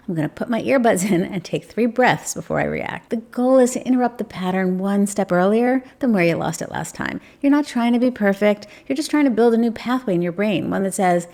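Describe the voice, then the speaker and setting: Female parenting coach, gravelly low-register texture, calm reassuring delivery, speaks to camera. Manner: gentle, reassuring, acts out sample phrases. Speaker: parenting channel host. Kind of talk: direct-to-camera advice talk.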